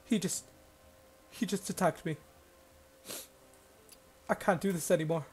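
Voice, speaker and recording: A man's voice: high voice, unhurried, husky. Young man hamming up game commentary. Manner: mock-dramatic, exaggerated panic and sarcasm. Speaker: gaming channel host. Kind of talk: gameplay commentary.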